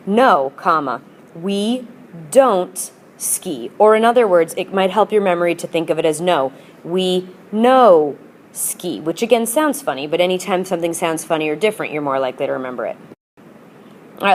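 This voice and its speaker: A woman's voice: on the low side, expressive, quick pace. A woman teacher explaining grammar in a patient, upbeat lesson and modelling example phrases for students. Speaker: Spanish teacher. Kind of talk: recorded classroom lesson.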